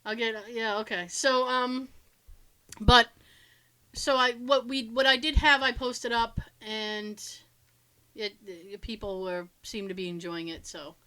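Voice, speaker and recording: A woman co-hosting a podcast, telling animated stories in casual chat, swearing freely and laughing often. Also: a little high, measured pace, clean tone. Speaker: podcast co-host.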